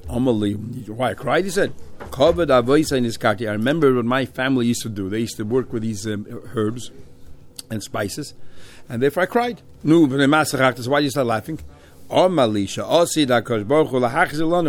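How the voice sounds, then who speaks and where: A man leads a Talmud class at a quick clip, reading out Hebrew and Aramaic lines and translating them into as he goes. His voice sits at an ordinary middle pitch. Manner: reads Hebrew and Aramaic phrases then explains in English. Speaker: Talmud teacher.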